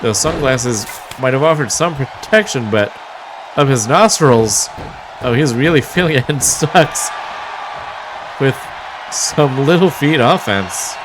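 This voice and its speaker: A man's voice: mid-range voice, lively intonation, slow, background noise. A man calling a wrestling match play by play, with a wry, mocking manner and the odd chuckle. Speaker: wrestling commentator. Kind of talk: play-by-play commentary.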